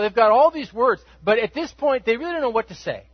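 A man with a high, husky voice preaches a sermon in a relaxed, conversational storytelling way, slipping into the speakers' voices as he quotes them. The sound is dry and a little dull, like a lo-fi church recording. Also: fast, hardly any pauses, dry recording. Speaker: pastor.

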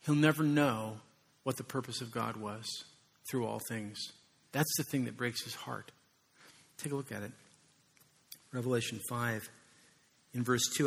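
A man preaching a sermon in an animated way, acting out voices and rising suddenly in volume. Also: mid-range voice, normal speed, creaky, breathy edge. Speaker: pastor.

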